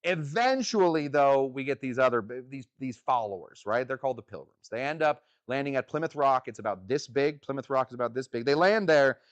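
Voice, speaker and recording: A man's voice: mid-range voice, expressive, a little fast, hardly any pauses, no room sound, highs cut off. A man hosting a cocktail show outdoors, talking in a rambling, chatty way and answering viewers' comments. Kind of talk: casual livestream chat.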